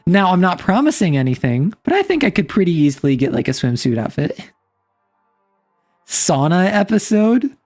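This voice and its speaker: A giggly, teasing woman chats casually on her live stream. Her pitch bounces around animatedly from line to line, and soft music plays underneath. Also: very animated, quick pace, few pauses.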